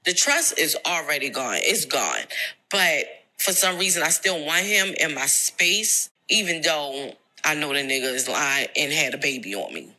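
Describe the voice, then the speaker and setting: A woman's voice: low-pitched, animated, a little slow, bright, forceful tone, low-quality recording. A young woman telling a personal story in a frank, emphatic way, retelling an argument.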